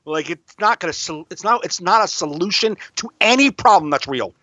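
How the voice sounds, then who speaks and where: A man's voice: sits high, animated, a little fast, bright, forceful tone, no room sound, dull audio. A man co-hosting a podcast, chatting casually and breaking into heated, profane rants. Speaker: podcast co-host. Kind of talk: casual chat.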